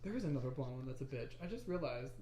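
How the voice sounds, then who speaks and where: A woman's voice: extremely low pitch, lively intonation, very fast, background noise. A woman co-hosting a podcast in rambling, teasing casual chat, laughing often. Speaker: podcast co-host.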